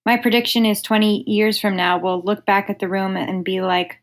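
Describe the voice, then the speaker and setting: A woman's voice: medium pitch, steady tone, normal speed, vocal fry. A woman from the United States, a comedian guest on a podcast, chatting casually and telling jokes dryly in setup-and-punchline form.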